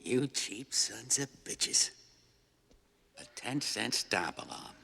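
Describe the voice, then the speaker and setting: An actor playing a small-time thief who mutters gleefully to himself while casing a building. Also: male voice, medium pitch, very animated, slow pace, vocal fry, bright, forceful tone, husky, heavily acted. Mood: sneaking. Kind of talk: 1970s film acting.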